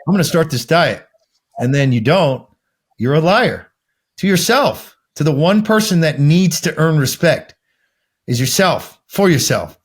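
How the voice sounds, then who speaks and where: A man's voice: a little high, big pitch swings, measured pace, husky. A man coaching other men, talking in an intense, profane, preachy way as a podcast guest. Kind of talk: blunt motivational talk.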